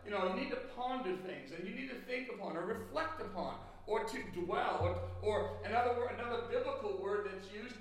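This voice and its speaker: Loud high-voiced preacher, very echoey room. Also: male voice, moderate pace, few pauses, far from the mic. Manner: loud carrying voice, folksy asides. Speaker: pastor. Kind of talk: sermon. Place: church hall. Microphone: handheld or stand mic.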